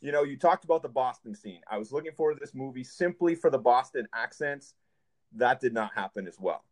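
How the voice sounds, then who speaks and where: A man gives a measured, critical take on a movie in a casual podcast chat. His voice sits at an ordinary middle pitch for a man. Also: expressive. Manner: measured, plainly critical summaries. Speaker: podcast co-host.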